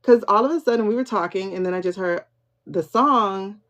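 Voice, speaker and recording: This tarot reader hosts a livestream pendulum session, excitedly repeating herself and saying "hold on" again and again while asking her spirit guide questions and talking to viewers. She speaks briskly at medium pitch. A phone or computer mic gives the stream dull, lo-fi sound.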